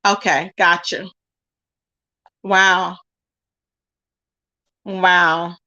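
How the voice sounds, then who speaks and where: A woman hosting a casual livestream, reading viewers' comments aloud and reacting with lively exclamations and frequent laughter. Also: lowish voice, drawn-out words, muffled recording. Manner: animated, laughs often, calls viewers baby and child. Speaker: livestream host reading chat. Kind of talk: casual chat.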